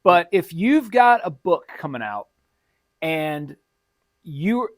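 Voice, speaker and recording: A man's voice: a little high, very animated, takes it slowly, no echo. A man co-hosting a podcast as a comic shop retailer, chatting casually with wry, dryly sarcastic asides.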